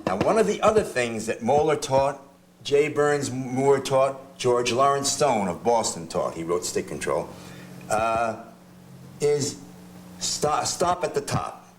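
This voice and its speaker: An older man teaching drum technique, talking in a chatty, halting way with restarts as he demonstrates. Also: mid-range voice, expressive, slight background noise. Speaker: drum instructor. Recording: drums heard in the room. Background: drum strokes between phrases.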